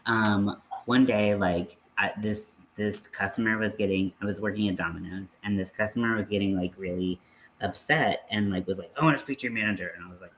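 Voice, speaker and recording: A man's voice: on the low side, fairly even intonation, fairly quick, fairly bright tone, a little hiss or hum. A man co-hosting a livestream who chats casually, swears and laughs while telling stories. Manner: loose, swearing, laughing storyteller. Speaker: livestream co-host. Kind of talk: casual chat.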